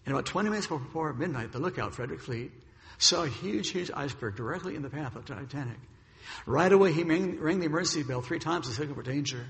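A man's voice: a little high, animated, fast talker, big-room sound. A man preaching a sermon, telling a dramatic story and acting out what the characters say. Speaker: pastor.

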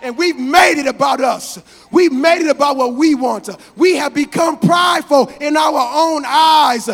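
A male preacher delivering a fervent sermon that swells into shouted and half-sung phrases. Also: very high voice, a little slow, creaky. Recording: church hall reverb.

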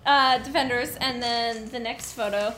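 A woman's voice: on the high side, fairly even intonation, unhurried, bright, forceful tone, a little hiss or hum. A woman hosting a casual chat, playful and prompting her guest, laughing along. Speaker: host. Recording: roomy echo with crowd behind.

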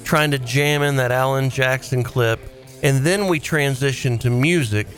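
A man with a Southern US accent hosting a radio show from the studio, talking in a rambling, jokey and animated way. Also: medium pitch, normal speed, soft background music. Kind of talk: casual radio banter.

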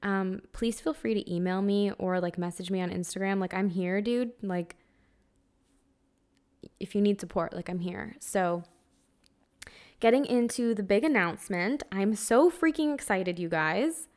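A young woman talks straight to her listeners in a loose, heartfelt spiritual podcast monologue. Her voice sits at a middling pitch, and her talk is full of casual fillers and the occasional curse. She sounds emotional, close to tears, yet keeps talking earnestly. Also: measured pace, pauses often, a little mellow. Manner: earnest, conversational, heavy use of "like", occasional swearing. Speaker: podcast host.

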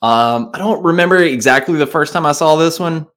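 A man's voice: fairly high pitch, a little fast, a bit bright. A man with a Southern accent, co-hosting a podcast in a laid-back, rambling casual chat. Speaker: podcast co-host.

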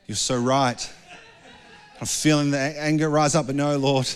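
A man's voice: mid-range voice, moderate pace. Earnest male pastor preaching. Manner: earnest, conversational preaching that drops to soft prayer. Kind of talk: sermon.

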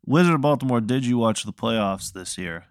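A man's voice: mid-range voice, lively intonation, normal speed, dry recording, studio quality. A man as a podcast guest in casual chat, wry, laughing often and swearing.

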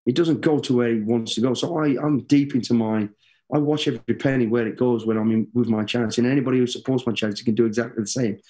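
A middle-aged man talks as a guest in a casual interview. He tells his stories with plenty of energy, swears freely and acts out the voices of people he quotes. His voice sits at an ordinary middle pitch. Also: fairly even intonation, fast, warm tone.

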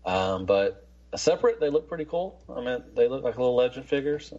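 Husky-voiced male podcast host. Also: mid-range voice, expressive, brisk, a little mellow, muffled recording. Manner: rambling, loose, swears freely. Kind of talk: casual chat.

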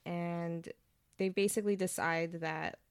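A woman's voice: fairly low pitch, fairly even intonation, unhurried, smooth, dry recording. A young woman co-hosting a podcast, chatting casually as she recaps a book plot with slang and frequent laughter. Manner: bubbly, laughs often, retells plot with slang. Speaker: podcast co-host.

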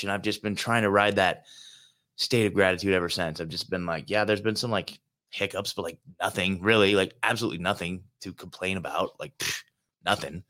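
In a loose monologue full of fillers and swearing, a man hosting his own show recounts a road trip from a hotel room. He speaks fast in a low, steady voice that is a bit bright.

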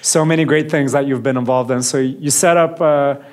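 A man's voice: mid-range voice, steady tone, a little fast. A man with a mid-range voice hosts an interview podcast. He gives short affirmations and then asks his guest questions. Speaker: podcast host.

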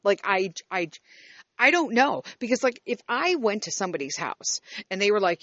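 With a medium-pitched, sing-song voice and a fairly bright tone, a vlogger in her fifties vents to camera at a moderate pace, swearing and restarting her rambling sentences in exasperation. The audio is dull, with no echo.

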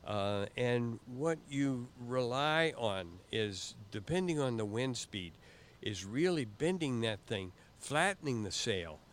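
An older man telling stories in a casual interview, halting and often repeating words as he goes. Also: mid-range voice, lively intonation. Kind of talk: casual storytelling.

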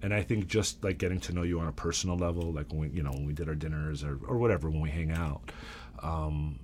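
A man, a real estate agent, telling animated work stories in casual chat and swearing freely. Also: extremely low pitch, quick pace, a little hiss or hum.

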